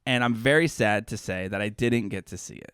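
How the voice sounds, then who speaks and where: A man's voice: on the low side, a little fast, a bit bright, smooth, no echo, studio quality. A man co-hosting a casual podcast, telling stories in a rambling way and often correcting himself. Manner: rambling storyteller, self-correcting. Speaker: podcast co-host. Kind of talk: casual chat.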